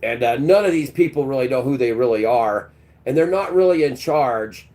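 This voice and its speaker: A man's voice: mid-range voice, expressive, normal speed, a little mellow. A man hosting a live stream who rambles in a crude, sarcastic rant with many restarts. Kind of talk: ranting live-stream talk.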